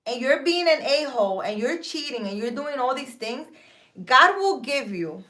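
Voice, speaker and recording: A live-stream host and spiritual advisor in her thirties talks to viewers from a park about relationships and faith. Her voice sits high and sing-song at normal speed, bright and forceful, and she's earnest and emphatic.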